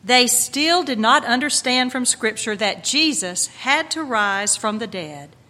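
A woman reading scripture aloud in church in a measured, formal way. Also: a little high, lively intonation, sharp tone. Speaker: scripture reader. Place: church sanctuary. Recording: long church reverb.

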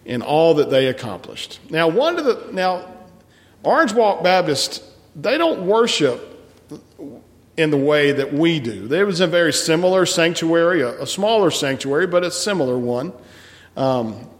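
A man's voice: a little high, very animated, unhurried. A man who leads a church service, folksy and encouraging, often restarting his sentences. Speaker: pastor leading a church service. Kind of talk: church announcements and congregational song leading. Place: large church sanctuary. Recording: long hall reverb from a sanctuary.

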